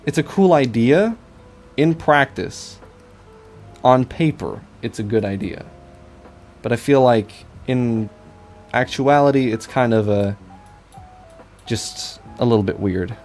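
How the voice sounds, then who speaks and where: Talking slowly with long pauses, a young man on a drawing stream chats in an expressive, mid-range, slightly mellow voice as faint music plays. His talk is rambling and self-mocking, with a stammer of repeated I's.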